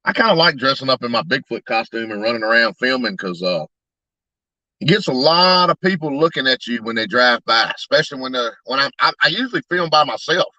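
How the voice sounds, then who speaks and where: A man's voice: mid-range voice, lively intonation, fairly quick, pushed and bright, no room sound, lo-fi sound. A man, casually chatting to his live-stream audience, laughing often and talking straight to the chat. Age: 30s. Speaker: truck tire shop owner and YouTuber.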